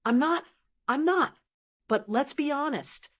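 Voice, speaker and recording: A woman's voice: high voice, animated, slow pace, pitched above the performer's own voice. A woman voicing a hesitant, flustered young male commander who stammers as he explains. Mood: wry.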